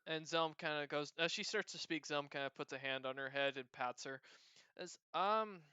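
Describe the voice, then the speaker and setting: A man's voice: fairly high pitch, moderate pace, hardly any pauses, sharp tone, clear, resonant tone, no room sound. A man narrating as game master of a tabletop game, rambling with fillers, on a slightly dull mic. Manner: rambling, many fillers and restarts.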